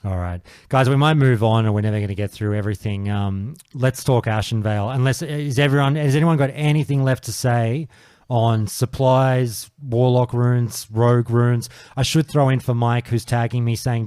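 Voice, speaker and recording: Man, podcast host, dark mellow voice, dry sound, swears a lot. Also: medium pitch, normal speed, smooth, dry recording. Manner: swears freely, animated storyteller. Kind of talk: casual gaming panel chat.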